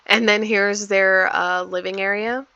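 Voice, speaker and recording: A woman's voice: mid-range voice, fairly even intonation, slow pace, creaky, sharp tone, smooth, no echo, lo-fi sound. A woman casually talking through her life-simulation gameplay, rambling with many fillers. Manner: chatty, rambling with many ums. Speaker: gameplay vlogger. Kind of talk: casual game commentary.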